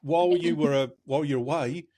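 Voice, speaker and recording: A male host in casual chat, talking in a halting, stammering way as he wraps up the episode. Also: fairly high pitch, mellow, slight background noise.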